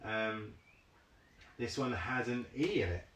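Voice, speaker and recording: A man's voice: medium pitch, expressive, slow pace, a bit bright, roomy sound, slight background noise. A man hosting a live online whisky tasting, chatting casually with many ums and reading viewer comments aloud.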